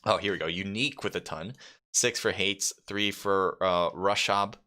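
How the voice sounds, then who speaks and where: A man's voice: sits low, sharp tone. A man from New York casting a mobile esports event live, reading out team kill counts and talking casually with chat. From New York, United States. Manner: reads scores off quickly, chatty with viewers, many fillers. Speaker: esports caster. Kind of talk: solo live esports commentary.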